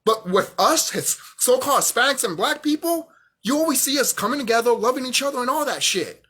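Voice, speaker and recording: A man's voice: very high voice, expressive, a little fast, bright, forceful tone, husky. A young man vlogging a heated, profane rant, often repeating himself. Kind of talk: angry rant monologue.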